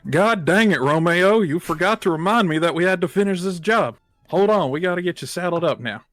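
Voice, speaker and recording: Guy doing a southern drawl knight, folksy, kinda grumbly, pitched up. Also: expressive, brisk, fairly bright tone, no room sound. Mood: exasperated. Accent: put-on American Southern drawl. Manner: folksy, exasperated, says 'ding dang'. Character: bumbling Southern male knight, big and folksy.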